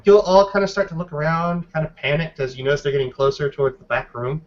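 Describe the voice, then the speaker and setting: A man's voice: on the high side, fairly even intonation, quick pace, highs cut off, slight background noise. A man narrating a tabletop game as game master, describing scenes loosely with many hedges.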